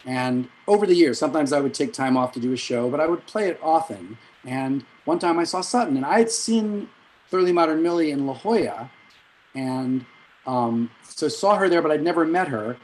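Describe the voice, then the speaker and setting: A middle-aged man, a music director and vocal coach, telling rambling anecdotes in an interview, with quick asides and self-corrections. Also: on the high side, lively intonation, low-quality recording. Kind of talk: storytelling in an interview.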